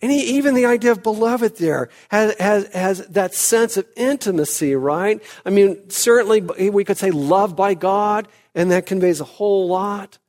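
Brief: male preacher, slightly high voice, slow deliberate delivery, emphatic sermon style. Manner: slow, emphatic preaching that rises to loud peaks. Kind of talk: expository sermon.

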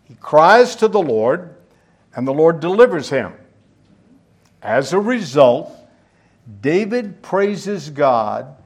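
Male preacher, unhurried delivery, teaching tone, asks the listeners questions. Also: a little high, sing-song, breathy edge. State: out of breath. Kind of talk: sermon.

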